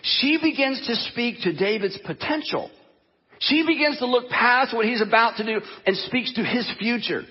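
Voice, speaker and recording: A high, slightly husky male pastor preaches in an animated, conversational way and acts out the quotes as he goes. The sound is dull and lo-fi, with a long hall reverb behind it. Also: normal speed. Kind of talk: sermon.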